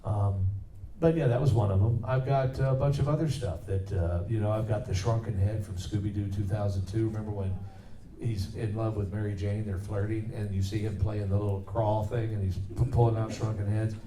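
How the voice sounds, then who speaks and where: A man's voice: lowish voice, fairly even intonation, moderate pace, mellow. Man telling stories in an echoey hall. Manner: loose, rambling, with many fillers. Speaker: voice actor guest at a convention Q&A. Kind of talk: anecdotal storytelling. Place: convention hall. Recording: echoey hall from far off, faint noise.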